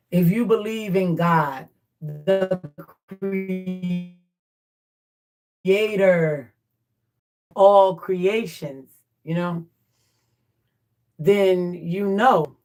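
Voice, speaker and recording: A woman's voice: fairly low pitch, darkish tone. A woman hosting a livestream, musing in a casual, reflective way and repeating her points. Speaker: livestream host.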